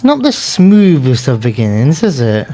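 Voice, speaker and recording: A man reading as a slow kindly father. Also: mid-range voice, very animated, warm tone. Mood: courteous.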